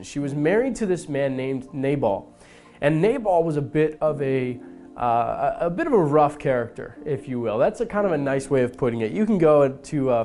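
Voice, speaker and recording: A man's voice: medium pitch, darkish tone. A young man leading a student devotional, retelling a Bible story in a casual, conversational way with plenty of fillers. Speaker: student ministry leader. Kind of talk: youth devotional talk.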